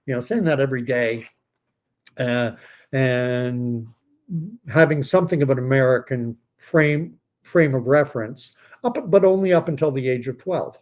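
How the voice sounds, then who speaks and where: A man's voice: medium pitch, a little slow. A man in his fifties from Canada, hosting a casual livestream and talking in a rambling, digressive way with many fillers and restarts. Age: 50s. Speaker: livestream host.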